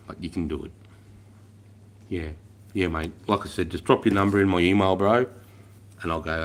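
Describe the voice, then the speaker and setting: Blunt and rambling, an Australian livestream host in his forties chats casually in a low voice at normal speed, pausing often. He swears freely, calls everyone mate, and frequently trails off quietly.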